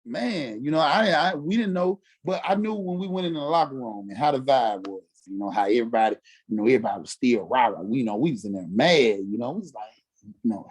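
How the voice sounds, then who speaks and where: A former football player from Mississippi, telling stories casually and acting out quotes with lots of "you know what I'm saying". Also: male voice, medium pitch, expressive, fairly quick, husky. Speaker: former NFL fullback, podcast guest. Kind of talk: casual storytelling interview.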